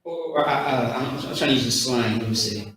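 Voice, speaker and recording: A man's voice: mid-range voice, a little fast, crowd noise. A man teaching pronunciation in a coaching, repetitive way, drawing out sounds. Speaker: street teacher. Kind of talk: outdoor pronunciation lesson. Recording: echoey, from far off.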